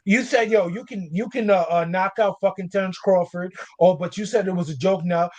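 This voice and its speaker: High-voiced man, heated and slangy. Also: a little fast, no room sound. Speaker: podcast co-host. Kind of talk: casual boxing talk.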